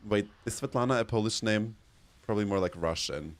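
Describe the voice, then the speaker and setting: A man's voice: on the low side, brisk, a little hiss or hum. Give me a giggly man streaming games. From Bosnia. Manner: joking, giggly, self-mocking. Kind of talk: casual gaming stream chat.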